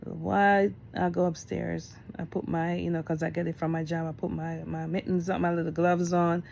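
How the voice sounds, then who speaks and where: A woman's voice: on the low side, normal speed, creaky, slight background noise. Chatty woman telling a personal story. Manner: candid, chatty, animated when retelling. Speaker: vlogger.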